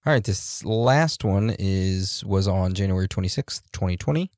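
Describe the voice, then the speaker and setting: A man co-hosting a podcast in a relaxed, joking way, reading out listener reviews with loose fillers and laughs. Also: low voice, normal speed, dry recording, clean studio sound. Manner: laid-back, laughs and jokes, loose fillers. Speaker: podcast co-host.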